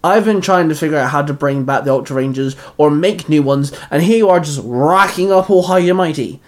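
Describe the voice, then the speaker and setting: A man's voice: on the high side, brisk, close to an everyday voice. A man voicing an angry, resentful male ranger who barks and snaps at the others. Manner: snappish, barking.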